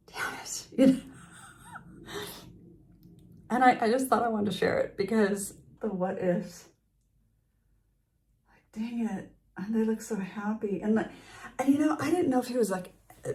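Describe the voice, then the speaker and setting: A woman's voice: mid-range voice, a little mellow. A middle-aged woman talking to the camera in a casual personal vlog, confiding, with frequent laughs, sighs and restarted sentences. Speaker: vlogger.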